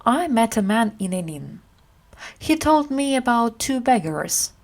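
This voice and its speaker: A woman's voice: fairly high pitch, very animated, a little slow, voice pushed up, heavily acted. A woman reading aloud and voicing a jolly, bold knight in a storybook. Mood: hearty.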